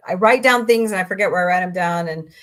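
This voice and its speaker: A woman's voice: fairly low pitch, fast. A middle-aged woman from Southwest Missouri hosting a casual livestream, chatting and rambling as she answers messages from viewers. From Southwest Missouri, USA. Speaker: livestream host.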